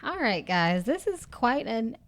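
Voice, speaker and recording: A woman's voice: a little high, very animated, unhurried. A woman co-hosting a casual book-club podcast, trading wry, dry remarks about the chapter. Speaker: podcast co-host.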